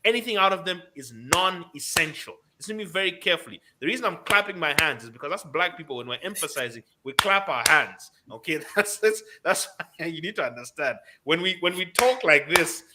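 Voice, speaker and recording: A man's voice: fairly high pitch, animated, a little fast, hardly any pauses, noisy background. A man hosting a radio business show, giving emphatic advice and repeating his key points. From Zambia.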